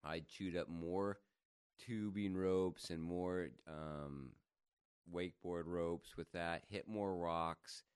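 A man telling a funny story in casual chat, laughing often and jumping higher when he quotes people. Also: takes it slowly, clear, resonant tone, dry recording, studio quality. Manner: animated, laughs often, jumps to higher pitch for quoted voices.

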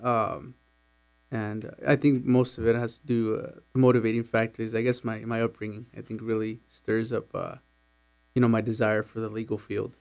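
A young man from Mexico in his twenties, a student guest in a radio studio, answering thoughtfully with many pauses and fillers. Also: fairly low pitch, flat delivery, darkish tone, clean tone. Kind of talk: interview answers.

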